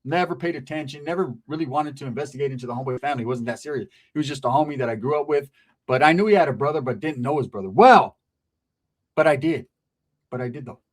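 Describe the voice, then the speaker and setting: A man telling a long comic story, animated and full of street slang and swearing. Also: medium pitch, quick pace. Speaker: comedian. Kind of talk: stand-up storytelling.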